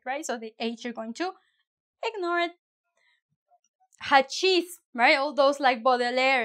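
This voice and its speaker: Woman teacher, bright tone, playful chatty delivery, lots of fillers. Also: sits high. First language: Spanish. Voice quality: chatty, many fillers and restarts, playful asides. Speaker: Spanish teacher. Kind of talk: casual online language lesson.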